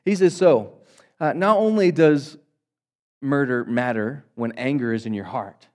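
A male pastor preaching a sermon to his congregation, swinging between loud emphatic bursts and quiet, low asides. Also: a little slow. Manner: dynamic preaching, rising loud for emphasis and dropping soft; addresses congregation as guys.

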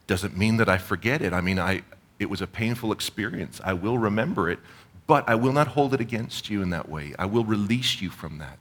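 Middle-aged Canadian pastor, lowish voice, earnest conversational sermon. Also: male voice, lively intonation, a little fast, a bit bright. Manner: earnest, conversational preaching with storytelling asides.

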